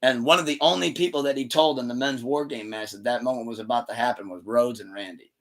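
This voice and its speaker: A man's voice: medium pitch, fast. A man hosting a podcast, talking loosely and swearing freely as he retells events and acts out quotes. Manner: animated retelling with acted-out quotes. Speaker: podcast host. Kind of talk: casual chat.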